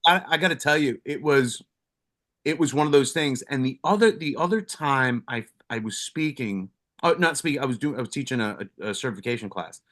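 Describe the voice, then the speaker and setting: Middle-aged man, blunt and profane, mid-pitched, casual storyteller with lots of restarts. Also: lively intonation, brisk, a bit bright. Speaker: podcast co-host, retired first responder.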